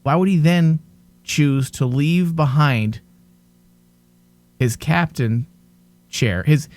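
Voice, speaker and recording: A man's voice: fairly high pitch, takes it slowly, a little mellow, dry recording. A man co-hosting a casual TV review podcast, ranting in exasperation and swearing now and then. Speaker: podcast co-host.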